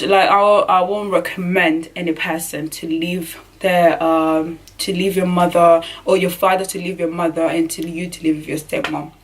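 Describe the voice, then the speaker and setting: A woman's voice: on the low side, distant mic. A young woman from Burundi telling a personal story in a vlog, earnest and emotional, often restarting her sentences. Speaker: vlogger.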